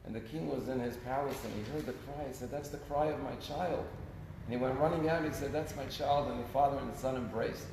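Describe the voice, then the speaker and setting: Gravelly rabbi preaching in an echoey hall. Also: male voice, mid-range voice, fast talker. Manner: earnest storytelling preacher, rising and falling in volume. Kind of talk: sermon. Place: synagogue sanctuary. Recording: echoey sanctuary with long reverb, faint noise.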